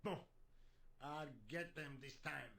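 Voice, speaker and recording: An actor playing a weary police sergeant in a video game, answering questions in a dry, matter-of-fact way. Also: male voice, on the high side, takes it slowly, vocal fry, fairly bright tone, full character voice.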